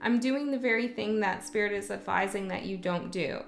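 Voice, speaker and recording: In a gravelly, medium-pitched voice at a moderate pace, a female tarot reader talks casually and bluntly, regularly asking "okay?". The recording carries a roomy echo and faint music.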